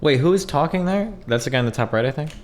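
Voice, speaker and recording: A man's voice: a little high, expressive, fast. Man, streamer, reaction commentary, exasperated, swearing. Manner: exasperated, profane rant.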